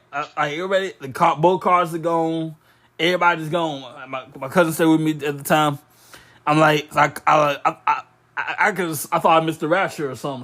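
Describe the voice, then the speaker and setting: Young male co-host, slightly high voice, stammering casual storyteller. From Louisiana. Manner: stammering restarts, relaxed, many listening noises.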